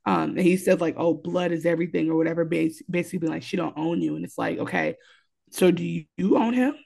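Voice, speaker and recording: A woman co-hosting a casual podcast recap of a TV episode, animated and profane, acting out what the characters say. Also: lowish voice, fast, gravelly. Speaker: podcast co-host.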